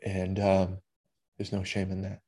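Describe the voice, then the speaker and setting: A man with a low, mellow voice speaks in a steady, even tone. He talks as a podcast host in a personal monologue, halting and candid, with casual swearing. He sounds emotional throughout.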